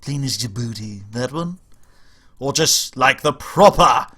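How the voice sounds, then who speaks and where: A man's voice: mid-range voice, lively intonation, unhurried, pushed and bright, breathy edge. A young man casually commentating his strategy game on a livestream, giggling often and rambling to his chat. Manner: giggly, rambling, chats with viewers. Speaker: streamer playing a strategy game.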